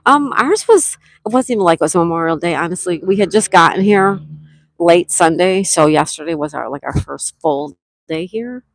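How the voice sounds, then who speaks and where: A woman's voice: lowish voice, lively intonation, moderate pace, dry recording. A woman hosting a casual livestream, greeting viewers by name and reading their comments aloud while she talks. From Western New York. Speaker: livestream host. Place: campsite cabin.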